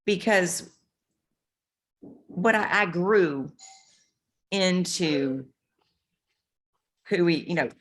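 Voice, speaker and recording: A woman's voice: on the low side, extremely slow, pauses often. A middle-aged woman co-hosting a podcast, chatting casually and telling candid stories, swearing freely. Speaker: podcast co-host. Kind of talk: casual chat.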